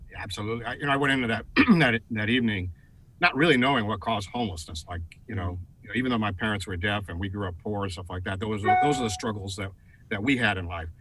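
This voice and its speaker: A man's voice: lowish voice, quick pace, background noise. A middle-aged American man, a guest on a TV talk show, telling a story animatedly and putting on voices for the people he quotes. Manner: animated, raises voice for quoted lines. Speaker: guest, advertising executive. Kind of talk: storytelling in a TV interview.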